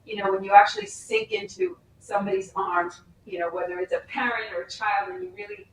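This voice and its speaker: A middle-aged woman from Colombia, guesting on a podcast, earnestly tells stories about her kids with a very lively rise and fall in pitch. She sits away from the mic in a roomy space, with faint noise behind her. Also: brisk, far from the mic. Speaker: guest, company founder. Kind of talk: casual interview chat.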